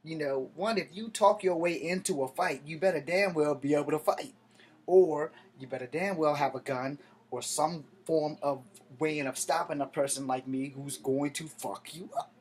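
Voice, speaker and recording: A man's voice: fairly high pitch, normal speed. A man in his thirties telling a story to camera, rambling and heated, with plenty of cursing. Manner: profane, heated, digressive street talk. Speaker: vlogger.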